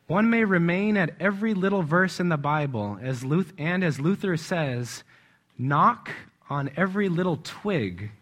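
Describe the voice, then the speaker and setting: A man preaching in a conversational way, stressing words with emphasis and chuckling often. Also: on the high side. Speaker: church speaker. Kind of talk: conversational sermon.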